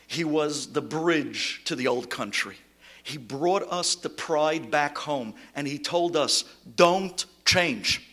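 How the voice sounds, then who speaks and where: Rabbi, man, eulogy sermon; bright, high voice; builds from hushed to shouting. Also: slow. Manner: impassioned, swings from shouting to hushed tones; sprinkles Hebrew and Yiddish-learned terms.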